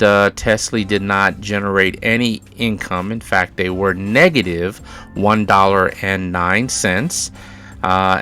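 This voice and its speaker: Slow, deliberate low-voiced man. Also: bright, forceful tone. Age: middle-aged. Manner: slow and deliberate, repeats key words for emphasis. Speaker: dividend investing channel host. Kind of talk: casual explainer over spreadsheets.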